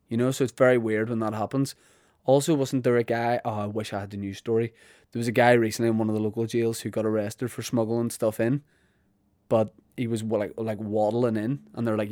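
A man's voice: mid-range voice, darkish tone, no echo. Northern irish guy rambling through funny stories on his podcast, self-deprecating, dry close sound. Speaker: podcast host. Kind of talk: comic monologue.

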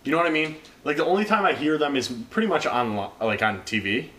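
A man's voice: fairly high pitch, sing-song, fast, fairly bright tone, far from the mic. A young man co-hosting a podcast, telling a story in casual chat with jokey quips. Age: young adult. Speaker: podcast co-host.

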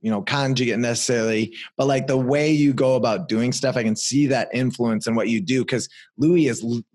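Podcast host guy, mid-pitch, frank, cusses a lot. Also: fairly even intonation, a little fast, a little mellow. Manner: frank, swears casually. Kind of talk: casual chat.

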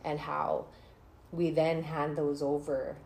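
A woman speaking in a slow, thoughtful, soft-spoken way in a reflective conversation, heard in an echoey room with faint background noise. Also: sits low, flat delivery, creaky.

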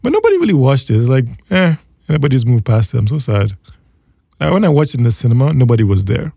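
A young man, chatting casually and excitably as a podcast co-host and laughing often. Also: medium pitch, very fast, vocal fry, breathy edge, no echo, clean studio sound. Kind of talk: casual chat.

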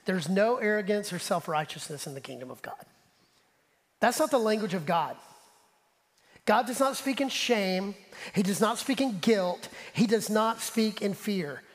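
Male pastor, high voice, animated sermon delivery, long hall reverb behind him. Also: a little slow. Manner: animated preaching, drops to soft asides; talks straight to the congregation. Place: church sanctuary.

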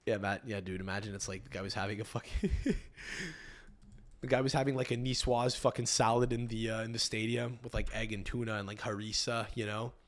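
A man's voice: fairly low pitch, steady tone, fairly quick. A young man hosting a podcast, riffing casually with crude profanity and rambling restarts. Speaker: podcast host.

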